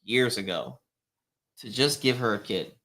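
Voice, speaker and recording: Animated man talking on a podcast. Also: on the low side, measured pace. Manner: animated, emphatic, frank. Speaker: podcast guest. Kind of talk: casual podcast chat.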